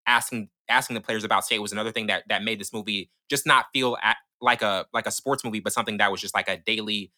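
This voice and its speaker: Young guy cohosting a pod, talks fast and bright, lots of restarts, dry close sound. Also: lowish voice, fairly even intonation, no room sound. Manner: fast, eager, many restarts and fillers. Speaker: podcast co-host. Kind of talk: casual chat and film review.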